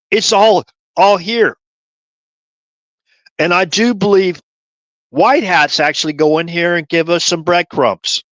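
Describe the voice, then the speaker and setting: Brief: male streamer, rambling conspiratorial monologue, slightly high pitch, dry. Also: steady tone, takes it slowly, long pauses, fairly bright tone, dry recording, lo-fi sound. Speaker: livestream host. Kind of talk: rambling livestream commentary.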